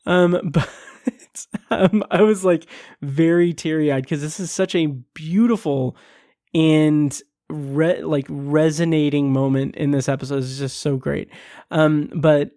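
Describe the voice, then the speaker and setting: A podcast host reviews an episode in a casual, gushing way, teary-eyed and holding back tears. His voice is a little high, warm and steady, unhurried, with lots of fillers, captured in studio quality with no echo.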